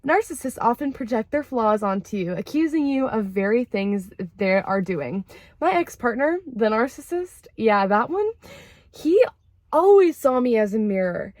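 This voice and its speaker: A young woman chatting casually to camera about therapy, lively and expressive, acting out quoted lines with big jumps in pitch. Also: normal speed, dry recording. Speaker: vlogger sharing therapy insights.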